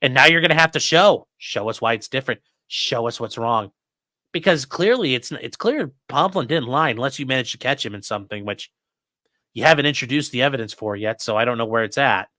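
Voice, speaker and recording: A man's voice: medium pitch, expressive, a little fast, pushed and bright, no room sound, clean studio sound. A man hosting live legal commentary, talking bluntly and with lots of swearing. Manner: blunt, profane, exasperated. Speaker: lawyer and commentary host.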